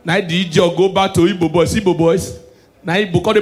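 High-voiced Nigerian comedian, loud and animated. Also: male voice, fast talker. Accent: Nigerian Pidgin English. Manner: loud and animated, shouting punchlines. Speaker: stand-up comedian. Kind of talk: stand-up comedy set.

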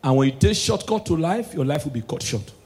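A man with a Nigerian accent performing stand-up comedy, swinging between hushed asides and shouted punchlines. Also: on the high side, expressive, fairly quick.

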